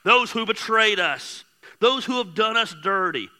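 A man preaching a sermon, candid and joking with his congregation, swinging between soft asides and loud emphatic bursts. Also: high-pitched, animated, unhurried. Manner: candid, joking, talks straight to the crowd. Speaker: pastor. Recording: hall reverb.

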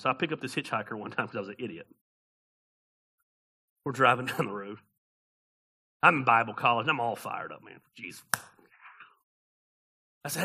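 A middle-aged man preaching a sermon as pastor, swinging from loud preaching to quiet storytelling, with folksy slang. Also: medium pitch.

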